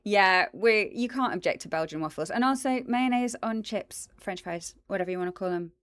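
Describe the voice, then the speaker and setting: This voice actress speaks fairly quickly in a medium-pitched, clear, resonant voice with no echo. Her accent is British and American, and she hosts a casual plant livestream close to the desk microphone in front of her, chatting enthusiastically with viewers and dropping lots of ums and asides.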